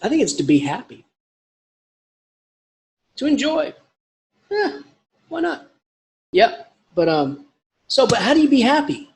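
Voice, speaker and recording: A man's voice: very high-pitched, sing-song, unhurried, vocal fry, long pauses. A man giving a casual, rambling literature lecture with emphatic asides.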